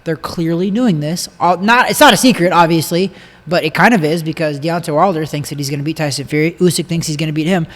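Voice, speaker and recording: A man's voice: a little high, fast, big-room sound. A man co-hosting a casual boxing podcast, talking at length and explaining the details. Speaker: podcast co-host, boxing analyst. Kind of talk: casual chat.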